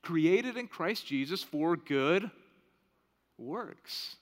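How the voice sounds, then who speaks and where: A man's voice: on the high side, animated, extremely slow. A man in his thirties preaching a sermon in a conversational way, often checking in with "right?". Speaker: pastor. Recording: long reverb of a large hall.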